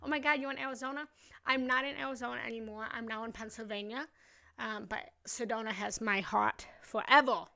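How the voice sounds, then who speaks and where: A woman's voice: a little high, fairly even intonation, a little fast, gravelly, bright, forceful tone. A young woman hosting a live meditation session, talking in a casual, emotional and gushing way and laughing often. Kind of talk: casual live-stream chat.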